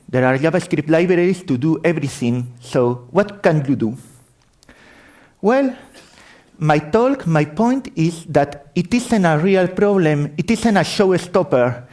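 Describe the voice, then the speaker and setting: A man's voice: on the high side, darkish tone. Spanish-accented man giving a tech talk. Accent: Spanish, with French influence. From Spain. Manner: apologetic, self-correcting, explanatory. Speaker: conference speaker. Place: conference hall.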